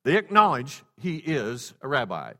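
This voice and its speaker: A man preaching a sermon, swinging from loud exclamations to hushed low passages and leading the congregation in call-and-response. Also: huge pitch swings, measured pace. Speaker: pastor. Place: church sanctuary. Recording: long hall reverb.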